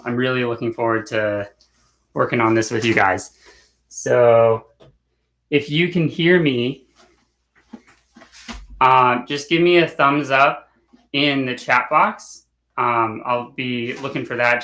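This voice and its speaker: Slow-talking man teaching a drum class. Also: mid-range voice. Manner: relaxed and encouraging, chanting phrases in rhythm. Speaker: drumming teacher. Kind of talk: online workshop instruction. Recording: echoey room with drumming.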